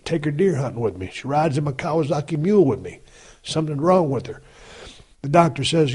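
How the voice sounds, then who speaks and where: A man's voice: fairly high pitch, big pitch swings, a little fast, darkish tone, husky. A man in his fifties hosting a podcast, talking in a casual, blunt and heavily profane folksy monologue. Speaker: podcast host.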